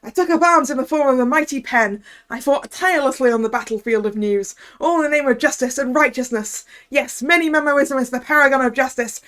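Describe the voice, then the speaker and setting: A woman's voice: high voice, fairly quick, hardly any pauses, a bit bright. A woman voicing a cornered male journalist who rants self-righteously about justice. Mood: defiant ranting. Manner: defiant, grandiose ranting.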